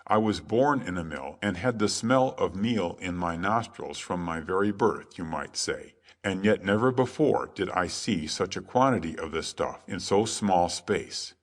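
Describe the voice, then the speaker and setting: Guy reading a sheepish miller's son outlaw, rueful, old-timey talk, low. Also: animated, unhurried, hardly any pauses. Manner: rueful, archaic speech.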